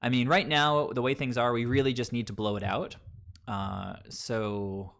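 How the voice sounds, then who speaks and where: During a live stream, a man from Long Island, New York, chats casually and rambles, heavy on fillers like um and like. He speaks at normal speed in a medium-pitched, a bit bright voice with fairly even intonation.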